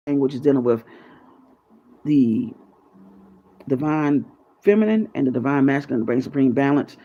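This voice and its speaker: A man who hosts a YouTube channel speaks at a moderate pace with a medium pitch, pausing often. His casual freestyle monologue to viewers is rambling and conspiratorial, laced with curses, on a dull lo-fi recording.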